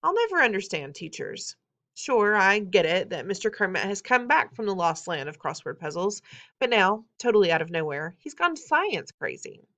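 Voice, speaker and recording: Wry, expressive woman reading a novel. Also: mid-range voice, normal speed. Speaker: audiobook reader. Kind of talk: novel read-aloud, first-person teen narration.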